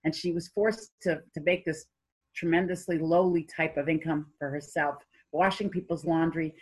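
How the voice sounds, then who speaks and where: A woman's voice: sits low, steady tone, moderate pace, breathy edge, low-quality recording. A woman giving an informal Torah lecture, telling stories in a conversational way with many fillers and restarts. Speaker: Torah class teacher.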